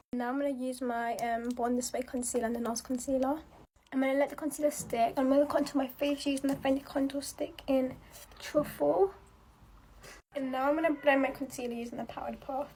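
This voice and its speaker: A young woman narrates her makeup routine in a relaxed, chatty way, moving from step to step with lots of filler words. Her voice sits high and has a soft, mellow tone. It sounds like an everyday tutorial voiceover. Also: slight background noise. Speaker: makeup content creator.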